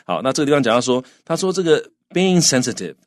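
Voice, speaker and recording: A man teaching English, explaining and translating phrases slowly, with lots of repetition. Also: mid-range voice, big pitch swings, no echo, clean studio sound. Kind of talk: bilingual language lesson.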